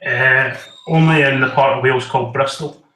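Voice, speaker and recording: A man's voice: medium pitch, fairly even intonation, moderate pace, sharp tone, recorded from a distance. A man, a podcast guest ranting in sweary comic banter. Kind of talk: casual podcast chat. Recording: echoey room.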